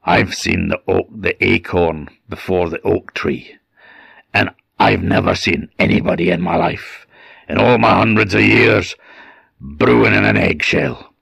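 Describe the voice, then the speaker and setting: A man's voice: sits low, unhurried, gravelly, fairly bright tone, husky, no echo, heavily acted. A man voicing an ancient fairy changeling posing as a baby, sly and mocking, in a told folk tale. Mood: gloating. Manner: gloating, mocking. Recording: dull, dry recording.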